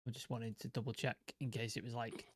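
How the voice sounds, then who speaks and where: A man, a podcast co-host playing a football quiz, swearing casually and mumbling low asides. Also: flat delivery, brisk, dry recording, studio quality. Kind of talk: casual chat.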